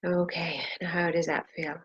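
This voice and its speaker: A woman's voice: on the low side, little pitch movement, moderate pace, husky, muffled recording. A woman leading a guided tapping session, saying phrases for the viewer to repeat and pressing harder on the angry lines. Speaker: EFT tapping practitioner.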